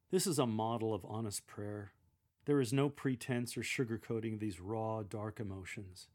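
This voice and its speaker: A man giving measured, deliberate instruction on how to proclaim a scripture reading aloud, speaking clearly as a lector coach. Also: lowish voice, darkish tone.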